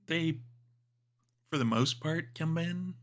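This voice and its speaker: A man's voice: a little high, slow. Rambling man narrating as game master. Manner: loose, rambling descriptions with many fillers.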